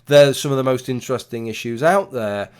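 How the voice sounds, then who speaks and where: A man's voice: mid-range voice, a little fast. A man in his thirties talking casually to camera in a rambling, opinionated way, with restarts and the odd swear word. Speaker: YouTuber. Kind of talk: casual talking-head commentary.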